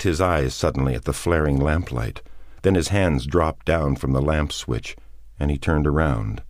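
A man narrating an audiobook in a measured, expressive reading. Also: extremely low pitch, no room sound, clean studio sound. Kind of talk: scripted narration.

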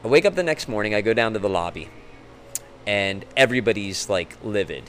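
A middle-aged man telling a long, animated road story as a guest, acting out other people's voices and laughing often. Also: on the low side, fairly quick, soft background music, low-quality recording. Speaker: musician guest. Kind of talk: casual storytelling.

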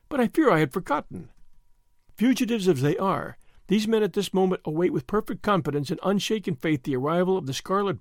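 Brief: dramatic male storyteller for an audiobook, animated and high-pitched, recorded close. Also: vocal fry, no room sound. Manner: expressive, dramatic reading. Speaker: audiobook narrator. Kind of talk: scripted narration of a classic novel.

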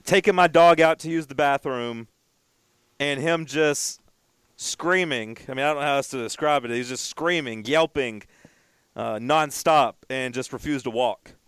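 A man's voice: mid-range voice, unhurried, a bit bright, clear, resonant tone, no echo, clean studio sound. A man co-hosting a casual chat, telling stories in a rambling way and often stumbling over and repeating his words.

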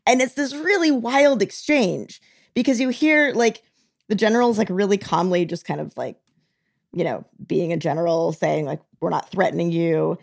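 A woman co-hosting a podcast, telling a news story in casual chat, animated and acting out quotes, often laughing. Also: medium pitch, moderate pace, gravelly. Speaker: podcast co-host.

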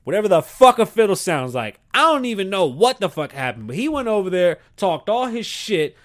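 A man's voice: high voice, sing-song, brisk, dry recording, clean studio sound. A man hosting his own podcast, rambling through a profane, slangy casual monologue. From South Bronx, New York. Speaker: podcast host.

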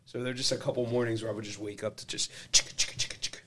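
A man in casual podcast chat, telling crude joking stories in an animated way. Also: medium pitch, rapid-fire.

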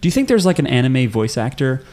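A man's voice: medium pitch, very animated, quick pace, a little mellow. A man co-hosting a podcast, joking and rambling with fillers as he recaps an episode. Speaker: podcast co-host. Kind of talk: casual chat recap.

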